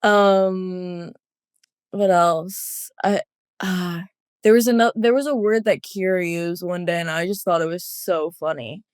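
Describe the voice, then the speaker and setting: A woman's voice: fairly low pitch, a little slow, clear, resonant tone, dry recording, studio quality. A young woman guest in a casual podcast interview, chatty and giggly. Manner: giggly, chatty, many fillers. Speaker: guest athlete.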